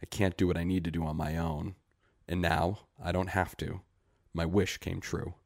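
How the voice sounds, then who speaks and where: A man's voice: low-pitched, level tone, normal speed, creaky, a little mellow, no room sound, studio quality. A man voicing a desperate frightened young villager. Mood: earnest, desperate.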